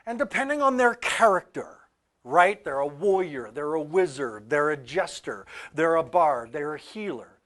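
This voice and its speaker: A man telling a story in a talk about archetypes, animated, with loud peaks and quiet asides. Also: a little high, moderate pace. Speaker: author and speaker on archetypes.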